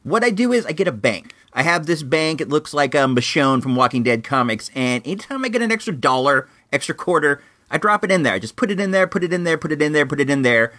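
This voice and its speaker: A man hosting a podcast, talking casually in a lively, chatty way with drawn-out asides. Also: on the high side, no echo. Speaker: podcast host. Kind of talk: casual monologue.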